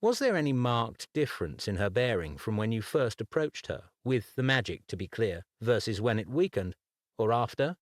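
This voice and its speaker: A man voicing a composed, inquisitive gentleman magician who asks crisp, probing questions. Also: lowish voice, big pitch swings, moderate pace, no room sound, studio quality.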